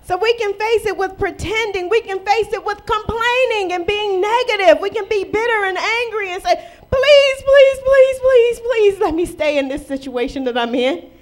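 High-voiced woman preaching a lively sermon. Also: moderate pace. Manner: lively preaching with rhetorical questions and playful acted quotes. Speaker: pastor.

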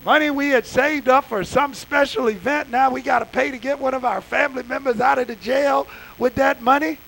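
Impassioned male pastor, very high voice with gravel in it, folksy and direct with the congregation. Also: steady tone, fairly quick, a bit bright, rough recording. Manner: impassioned, conversational preaching with folksy asides. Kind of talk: sermon.

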